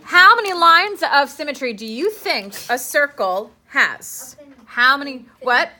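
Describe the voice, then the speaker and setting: A woman's voice: high voice, lively intonation, measured pace, pushed and bright. A young woman teaching a classroom lesson, chatty and playful, asking her students questions as she works.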